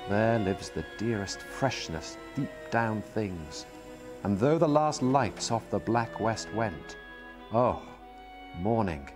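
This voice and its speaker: A man giving a slow, dramatic reading of a poem, weighing each stressed word. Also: lowish voice. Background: soft music.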